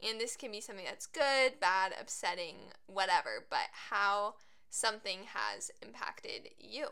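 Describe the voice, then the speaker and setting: A woman hosting a podcast, asking her guest a question in a measured, deliberate way. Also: mid-range voice, very animated, sharp tone, clean tone. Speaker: podcast host.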